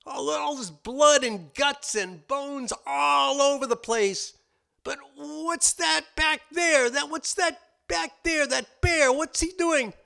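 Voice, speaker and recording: A man in his sixties voicing a wolf in a told story, shrill and alarmed as he peers into a cave. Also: slow, creaky, bright, forceful tone, full character voice. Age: 60s. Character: startled male wolf peering into a cave.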